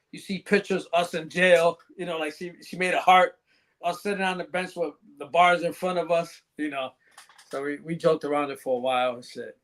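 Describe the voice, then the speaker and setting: Guest spot: high-pitched man, loose swearing storyteller, casual podcast chat. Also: a bit bright. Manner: profane, laughing, rambling anecdotes.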